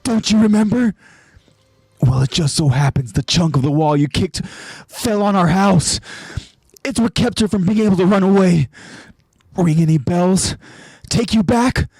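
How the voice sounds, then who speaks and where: A man's voice: lowish voice, slow pace, pauses often, breathy edge, no room sound, full character voice. A man voicing a furious, bitter young male soldier who accuses and screams at former comrades. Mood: accusing. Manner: shouting, accusing, rising to a scream.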